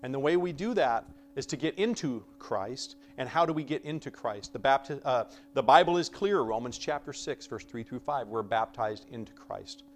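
Man, preacher, conversational sermon, animated, playful acted-out quotes, loud-to-soft swings, mid-pitched voice. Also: moderate pace, few pauses. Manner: shifts between loud emphasis and soft asides.

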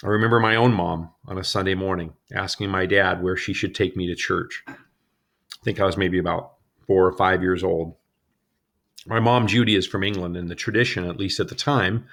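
Casting: man in his thirties, low gravelly voice, earnest sermon delivery. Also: steady tone, moderate pace, a bit bright. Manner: earnest, personal storytelling. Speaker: preacher.

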